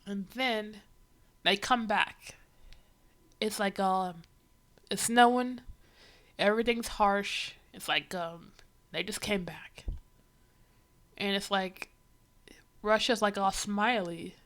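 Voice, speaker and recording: A woman's voice: medium pitch, takes it slowly, pauses often, a bit bright. A woman livestreaming, giving casual reaction commentary in an exasperated, ranting way.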